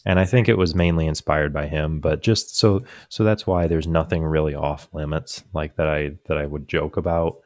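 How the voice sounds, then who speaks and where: His voice is extremely low and a little mellow, with a steady tone, moderate pace and few pauses. This young podcast co-host chats casually, rambling through stories with fillers and restarts and laughing at his own punchlines, in clean studio sound with no room sound.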